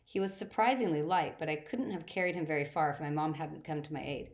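A woman reading a first-person story aloud, steady, with occasional slips and restarts. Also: low voice, fast talker. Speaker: audiobook reader.

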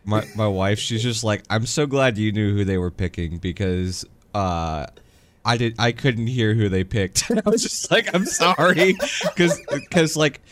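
A man from Arizona with a lowish voice, chatting on a sports podcast. He talks in an easygoing, agreeable way and leans on plenty of uh and um fillers. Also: animated, measured pace, slight background noise. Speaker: podcast co-host. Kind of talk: casual chat.

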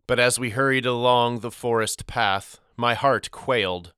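Man reading a storybook out loud, slow and measured, dry close sound. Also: mid-range voice, fairly even intonation, smooth, no echo. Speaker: audiobook narrator. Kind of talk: first-person storybook narration.

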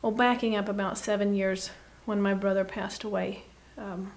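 A woman guest giving an earnest, reflective faith talk, often dropping to a soft hush. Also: medium pitch, level tone, normal speed. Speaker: podcast guest.

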